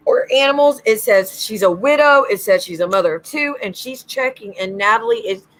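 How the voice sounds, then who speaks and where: A woman's voice: mid-range voice, a bit bright, poor audio. A woman hosting a livestream as a psychic medium, ranting bluntly and swearing freely.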